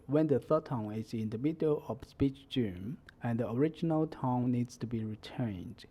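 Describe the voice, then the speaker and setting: Slow, dark-voiced man teaching tones. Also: mid-range voice, slightly rough. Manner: slow, careful delivery, modelling words for repetition. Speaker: Chinese language teacher. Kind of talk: slow instructional explanation.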